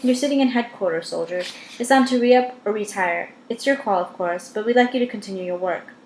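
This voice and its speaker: A woman's voice: medium pitch, a little fast, a little mellow, slight background noise, natural voice. Woman reads a clipped veteran soldier man, no-nonsense, roomy echo. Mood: matter-of-fact. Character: steady male soldier, commanding veteran.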